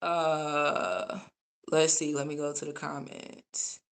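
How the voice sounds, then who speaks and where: A woman giving casual opinion commentary as a vlogger, sassy and animated, laughing often. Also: low voice, takes it slowly, creaky.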